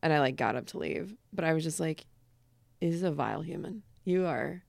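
A woman comedian, a podcast guest, telling crude stories in a deadpan manner. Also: low voice, a little fast, creaky, dry recording. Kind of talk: casual chat.

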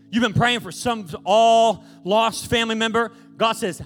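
A man's voice: very high-pitched, steady tone, moderate pace, few pauses, fairly bright tone, faint music behind. A male preacher retelling a story in a sermon, building to emphatic preaching.

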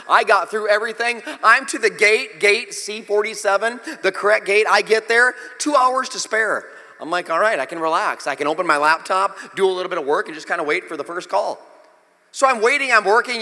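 A male pastor with a fairly high, very bright and ringing voice tells a story with big dramatic energy. He acts out each exchange as he goes. His words carry a long reverb through the hall. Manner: animated, dramatic storytelling with acted-out dialogue. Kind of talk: storytelling sermon.

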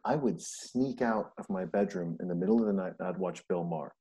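A middle-aged podcast host from Montana talks fairly quickly in a deep voice. In casual chat he tells stories as an animated storyteller, acting out the quotes.

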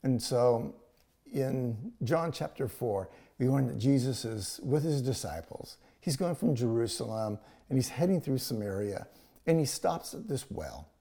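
A man's voice: mid-range voice, creaky, mellow. A man preaching a sermon, retelling a scripture story in a conversational way with paraphrased dialogue.

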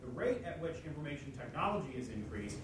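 A man's voice: fairly high pitch, big pitch swings, fast talker, slightly rough. A man in a lecture audience asking a long, earnest question about economics. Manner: earnest, long-winded phrasing. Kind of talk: question from the floor. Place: university lecture hall.

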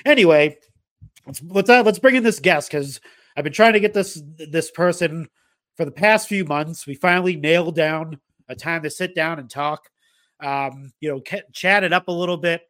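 A man's voice: on the high side, normal speed, fairly bright tone, no echo, studio quality. A man hosting a casual podcast, rambling with plenty of fillers and restarts. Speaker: podcast host.

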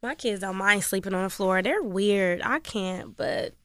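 A woman co-hosting a casual chat, talking in a relaxed, reflective way. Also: mid-range voice, measured pace, dry recording, studio quality. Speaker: podcast co-host.

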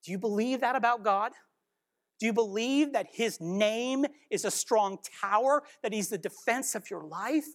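A woman's voice: a little high, moderate pace. A woman giving an earnest devotional Bible teaching, exhorting and questioning her listeners.

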